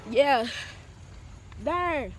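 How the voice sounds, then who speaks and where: A woman's voice: sits high, animated, extremely slow. A woman vlogging while walking around a neighborhood, chatty and slangy, often out of breath. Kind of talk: casual handheld exploring vlog. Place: outdoors in a neighborhood. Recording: noisy outdoor phone audio.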